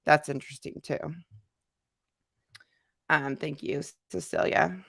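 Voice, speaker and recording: Congested woman, livestream host, low voice, gravelly fry, dry close sound, rambling repetitive chat. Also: steady tone, slow pace, a bit bright, no echo. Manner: conversational, repeats herself, many fillers. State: congested with a cold.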